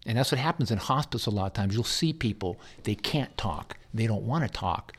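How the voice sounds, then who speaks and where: Speaking briskly in a husky voice on the low side, a man who works as a hospice chaplain recounts stories during an interview. His intonation is lively, and his earnest telling is full of stumbles and repeated words.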